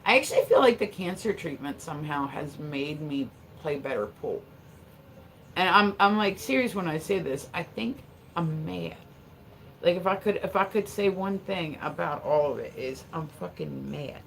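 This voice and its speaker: Woman livestream host, casual rambling chat, gravelly low voice. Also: a little hiss or hum. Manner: chatty, rambling, swears freely, laughs often.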